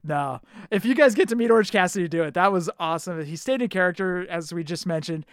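A man's voice: sits high, fast talker, no room sound, clean studio sound. A young man hosting a casual podcast, telling stories in an easygoing, enthusiastic way. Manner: enthusiastic, laid-back storyteller. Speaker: podcast host. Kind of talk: casual chat.

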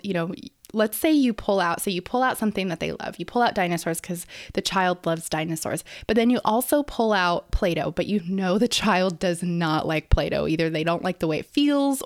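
A woman's voice: fairly low pitch, dry recording, studio quality. A young woman hosting a casual educational podcast as a speech therapist, explaining in her early-morning voice with many fillers and restarts.

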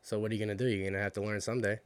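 A man's voice: on the low side, little pitch movement, very fast, smooth. A man in casual chat, blunt and swearing constantly as he gives advice. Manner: blunt, profane, advice-giving.

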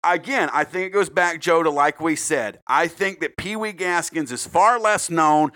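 A man from South Carolina hosting a casual true-crime podcast, profane and rambling with quick jokes. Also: a little high, sharp tone. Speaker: podcast host.

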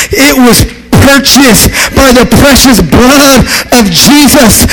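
A man preaching a revival sermon, repeating phrases and building from quiet talk to shouted, chanted calls. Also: very high-pitched, poor audio. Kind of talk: revival sermon, call and response. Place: church service.

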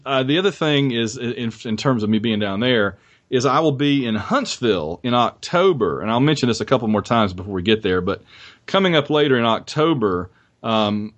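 A podcast host with a mid-range voice chats casually about college football, rambling and restarting his sentences as he goes. The sound quality is lo-fi.

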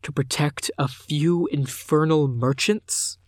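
A man voicing a stern, anguished middle-aged father who speaks low, hollow and rumbling. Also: measured pace, no echo, studio quality, lightly acted. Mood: grim anguish.

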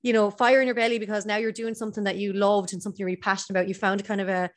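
A woman's voice: mid-range voice, little pitch movement, very fast. A woman hosting an interview, chatty and enthusiastic in a casual conversation. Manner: chatty, enthusiastic, talks over. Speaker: podcast host.

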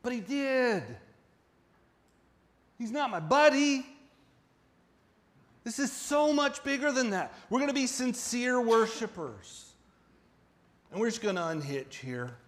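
A man's voice: very high voice, lively intonation, measured pace, pauses often. A man preaching a sermon as pastor, conversational, asking the congregation direct questions and building to emphatic peaks. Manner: emphatic, rising to near-shouting at peaks.

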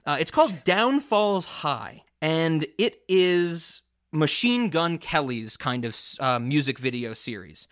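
A man co-hosting a casual podcast who retells a story in a rambling, animated way, with frequent cursing and many restarts. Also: on the high side, slow pace. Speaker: podcast co-host.

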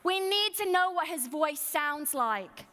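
A woman's voice: sits high, lively intonation, slow, sharp tone. A woman in her thirties preaching a sermon as pastor, earnest and emphatic, putting rhetorical questions to the congregation. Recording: long hall reverb.

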